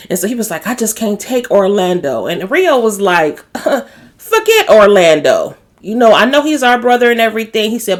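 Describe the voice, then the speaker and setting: A woman recaps a drama episode in a casual, gossipy way. Her voice sits a little high and leaps around animatedly, and she drops into the characters' quoted lines and laughs along the way. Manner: gossipy, laughs while talking. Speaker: show recap host.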